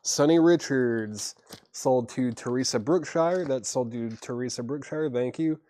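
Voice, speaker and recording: A man's voice: mid-range voice, measured pace, dark tone. A man hosting a live vinyl record sale, casually reading out albums, prices and buyer names and chuckling at himself. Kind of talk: casual live-stream selling.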